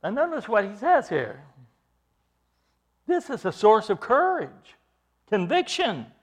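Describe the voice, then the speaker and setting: Male preacher, high voice, sweeping and lively intonation, emphatic expository sermon. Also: takes it slowly. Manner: emphatic, explains scripture verse by verse.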